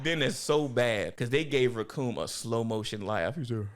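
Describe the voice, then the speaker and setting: A man's voice: normal speed, heavy background noise. A man co-hosting a casual podcast, animatedly recapping a show and acting out characters as he laughs. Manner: animated, laughs a lot, acts out characters in high voices. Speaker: podcast co-host. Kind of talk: casual chat recapping an anime.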